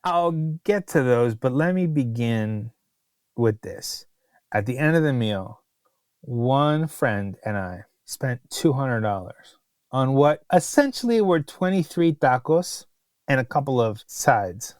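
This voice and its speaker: A man's voice: medium pitch, expressive, slow, a little mellow, no room sound. A man co-hosting a podcast and telling a long restaurant story in casual chat, with exasperated asides. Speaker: podcast co-host, restaurant critic.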